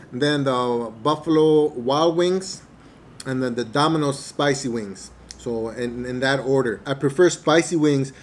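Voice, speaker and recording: A man doing a casual eating review to camera, relaxed and hesitant, with many fillers and chewing pauses, a little away from the mic. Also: medium pitch, slight background noise. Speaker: mukbang vlogger. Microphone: camera mic at table distance.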